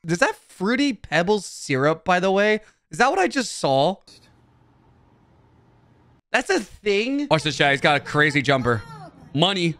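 A man's voice: high voice, sing-song, unhurried, long pauses, fairly bright tone, no echo. A young man streaming, reacting to meme videos for his chat, laughing often and swearing casually.

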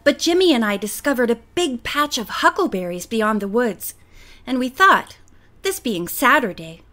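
A woman voicing a gentle, soft-spoken young girl in a children's storybook reading. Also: on the high side, sing-song, moderate pace. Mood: modest.

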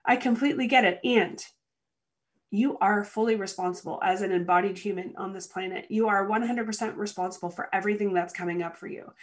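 Woman host, coaching talk told as a vivid story with mock-irritated asides. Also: mid-range voice. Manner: lively storytelling, acts out annoyed inner voices. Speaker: coach hosting a show. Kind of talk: motivational talk.

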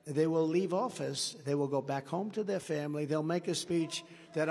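Man, campaign rally speech, rambling and repetitive, shouts then drops to asides, slightly high voice, long hall echo. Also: expressive, moderate pace. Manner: rambling, emphatic, repeats phrases, swings from shouting to low asides. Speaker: political candidate. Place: large indoor university venue. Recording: reverberant hall, faint background noise.

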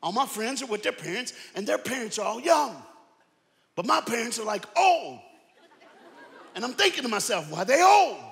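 A man preaching an energetic sermon to a church crowd, calling out to them. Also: high-pitched, normal speed, vocal fry, long pauses. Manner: animated, shouting preaching with crowd call-outs. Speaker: guest preacher. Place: large church auditorium. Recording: long hall reverb.

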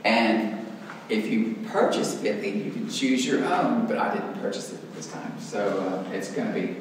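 A man's voice: lowish voice, animated, unhurried. East Texas man teaching in an echoey hall. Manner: chatty and self-deprecating, with hesitant fillers. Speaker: adult class teacher at a church. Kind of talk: classroom teaching with prayer. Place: church classroom. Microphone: distant room mic. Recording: echoey hall, voice far from mic, faint noise.

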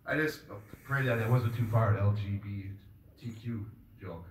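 A man doing a stand-up comedy set on a club stage, rambling in a deadpan way with many filler pauses. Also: lowish voice, slight background noise. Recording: roomy, distant mic with faint ambience.

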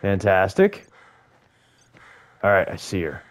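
A man's voice: deep voice, sing-song, takes it slowly. A young man giving casual, profane gameplay commentary, joking and talking to the creatures on screen. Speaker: gaming YouTuber.

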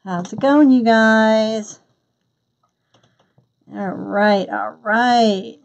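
A woman's voice: fairly high pitch, very slow, muffled recording. A middle-aged woman hosting a live craft tutorial, chatting casually and greeting viewers by name as she works. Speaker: crafting livestream host.

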